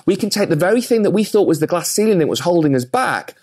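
Man, podcast host, motivational talk, earnest, energetic, tells stories. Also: high voice, quick pace, breathy edge. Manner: earnest, energetic, with some restarts.

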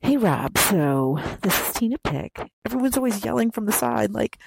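A woman leaving a recorded message with racing advice, talking in a lively, emphatic, chatty way. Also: mid-range voice, moderate pace, gravelly, hardly any pauses, noisy background. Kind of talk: casual advice.

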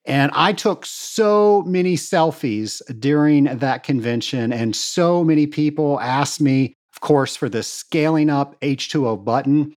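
A man hosting his own podcast, talking enthusiastically and gratefully to his listeners in a solo monologue. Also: mid-range voice. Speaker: podcast host.

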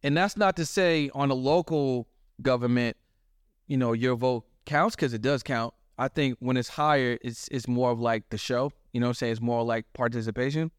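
A man's voice: medium pitch, moderate pace, smooth, no room sound, studio quality. A man guesting on a podcast, talking in a casual, slangy, emphatic way. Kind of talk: casual conversational interview.

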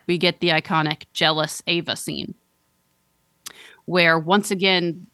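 This podcast co-host has a lowish, clear, resonant voice, unhurried and dryly recorded. Chatting casually about a TV episode, she's animated and laughs a lot, quoting and acting out lines as she recaps.

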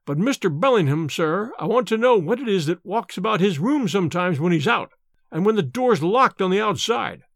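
A man's voice: high voice, animated, normal speed, gravelly, dry recording, studio quality. A man voicing a little wrinkled old manservant who talks in an anxious, deferential way with rustic grammar, in an audiobook reading. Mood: worried.

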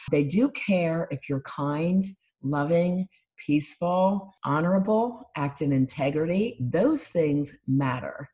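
A woman life coach giving a calm, instructive talk on gratitude and mindfulness, listing things one by one. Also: low voice, slow pace. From United States.

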